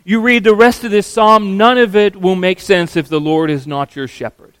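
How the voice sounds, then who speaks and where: A man preaching a sermon, earnest and emphatic, slowing down to stress key words. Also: high-pitched, fairly even intonation, fairly bright tone, clean tone, dry recording.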